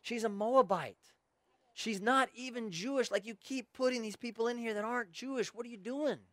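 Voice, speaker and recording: A man's voice: very high voice, normal speed, fairly bright tone, no room sound, pitched above the performer's own voice. A man voicing an exasperated young man who complains in whiny disbelief.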